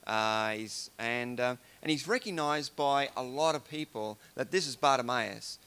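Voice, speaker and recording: A man's voice: medium pitch, unhurried, bright, forceful tone, clear, resonant tone. A man giving an informal devotional talk, musing aloud and retelling scripture in everyday words. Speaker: preacher.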